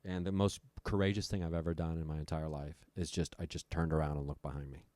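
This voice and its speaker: A man's voice: very deep voice, level tone, fast talker, mellow, no echo. A man guest on a podcast, retelling a story with lots of swearing. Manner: profane, breathless retelling.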